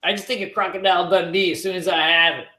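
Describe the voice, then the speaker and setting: High, bright-voiced man chatting casually. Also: steady tone, fast, roomy sound. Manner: laid-back, joking, slangy, swears and laughs often. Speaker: host of a trading livestream. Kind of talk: casual livestream chat answering viewers.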